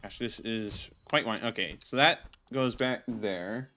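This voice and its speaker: A man's voice: on the low side, unhurried, sharp tone. A man streaming a video game, chatting casually as he plays, rambling, restarting words and talking to his viewers. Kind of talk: casual gameplay commentary.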